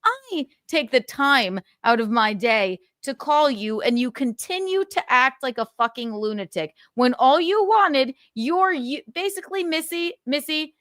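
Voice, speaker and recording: A fairly high-voiced woman hosting a casual gossip livestream, indignant and quick to swear. Her voice is recorded close and dry, with almost no room sound. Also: expressive, fairly bright tone, dry recording. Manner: indignant, swears a lot, reads out texts. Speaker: livestream host.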